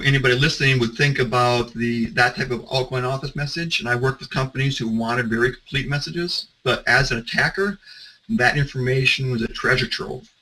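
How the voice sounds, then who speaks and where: Guy giving a security talk, bright forward voice, chatty storytelling, mid pitch. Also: poor audio. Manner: conversational storytelling, some restarts. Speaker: security consultant. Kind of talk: presentation talk.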